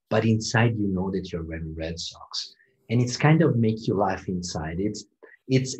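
Low-voiced man telling relaxed anecdotes. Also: rough recording. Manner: anecdotal, reflective, self-deprecating. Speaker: interviewee. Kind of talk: casual interview conversation.

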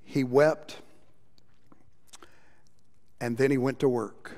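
A man preaching a sermon as pastor, impassioned, moving between loud emphasis and quiet passages. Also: medium pitch, steady tone, slow pace. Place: church sanctuary. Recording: long reverb of a church hall.

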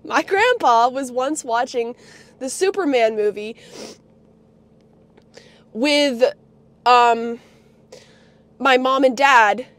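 Very high-voiced young woman ranting. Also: no room sound. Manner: profane, bitter, heated ranting. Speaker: livestreamer. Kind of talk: livestream rant.

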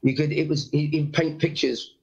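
A middle-aged man, a guest comedian, telling animated stories with blunt swearing over a video call. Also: on the high side, normal speed, vocal fry, breathy edge, highs cut off. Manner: animated storyteller, frequent impressions, blunt swearing. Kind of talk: casual anecdote telling.

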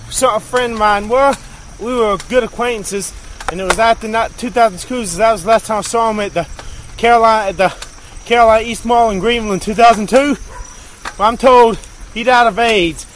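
A man's voice: high-pitched, brisk, a bit bright, rough recording. A man talking in a crude, rambling, profane way while driving around at night. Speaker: vlogger. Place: in a car outdoors at night. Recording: night insects and road noise behind.

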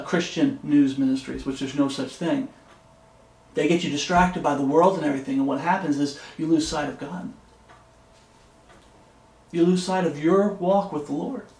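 A man's voice: on the high side, a little mellow. Earnest male preacher in an echoey room. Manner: earnest, repeats and restarts phrases, reads scripture aloud. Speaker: Bible teacher. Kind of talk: sermon-style Bible study.

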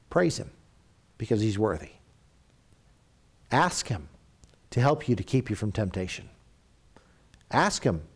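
Man preaching with lively rises and hushes. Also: medium pitch. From Canada. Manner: storytelling, animated rises and hushed drops. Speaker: pastor. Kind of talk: sermon.

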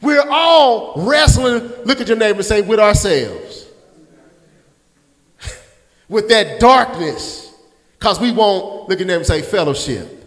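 A man preaching from the pulpit in a strikingly high voice, calling on his congregation to answer back and naming people in the pews. His words ring out with a long hall reverb. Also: expressive, unhurried, long pauses, fairly bright tone. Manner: call-and-response preaching, addresses congregants by name. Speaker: pastor. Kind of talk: sermon. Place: church sanctuary.

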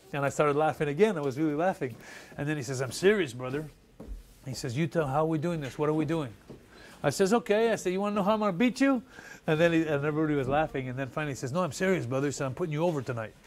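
A Canadian man, a retired pro wrestler, telling stories in an animated interview and acting out the people he quotes. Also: on the high side, slight background noise. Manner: excited, laughing storyteller who acts out quotes.

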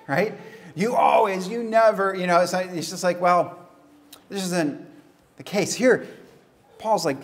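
A man as pastor, preaching a casual, conversational sermon with chatty asides and quick laughs. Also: high-pitched.

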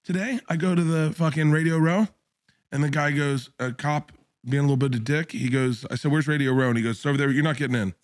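A man's voice: fairly high pitch, a little fast. A man who is a comedian guest, chatting casually on a podcast and telling profane, enthusiastic stories while acting out the voices. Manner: animated storyteller, acts out voices.

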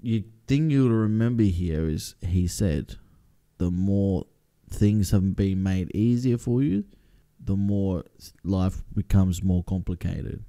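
A man's voice: sits low, takes it slowly, dark tone, dry recording. Chatty Australian man reacting to a movie. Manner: chatty, exclamatory. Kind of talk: casual reaction commentary.

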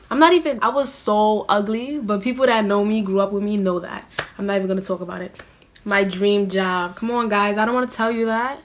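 A woman's voice: mid-range voice, fairly bright tone. Chatty young New woman. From New York City. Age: young adult. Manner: chatty and self-mocking, many "like" fillers. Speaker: vlogger. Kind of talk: casual Q&A vlog.

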